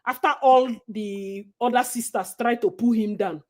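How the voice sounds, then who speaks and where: High-voiced Nigerian woman, animated and preachy. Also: moderate pace. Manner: animated, preachy, mixes Pidgin. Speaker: co-host. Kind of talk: casual gossip chat.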